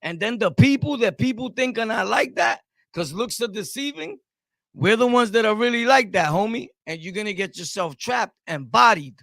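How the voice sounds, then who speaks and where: This man, a streamer host from Brooklyn, New York, speaks with a Brooklyn accent in a high-sitting, expressive, gravelly, somewhat bright voice at normal speed. In a dry, studio-quality live-stream rant answering his chat, he's heated and combative and keeps repeating himself.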